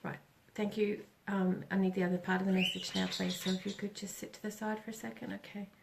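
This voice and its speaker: A middle-aged woman doing a live oracle reading, speaking gently with pauses and self-corrections. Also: medium pitch, little pitch movement, gravelly, background noise. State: tearful. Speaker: psychic reader on a live stream.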